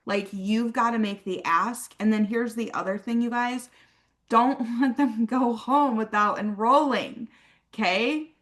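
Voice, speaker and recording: A woman's voice: a little slow, fairly bright tone. Chatty woman coaching her sales team. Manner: acts out sample dialogues in a higher, livelier voice; chatty, peppers talk with "okay?" and "like". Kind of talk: casual coaching talk on a team call.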